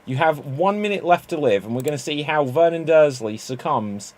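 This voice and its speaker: A man's voice: a little high, expressive, moderate pace, darkish tone. A man hosting an improv livestream, chatting in a rambling way with plenty of fillers. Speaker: improv show host.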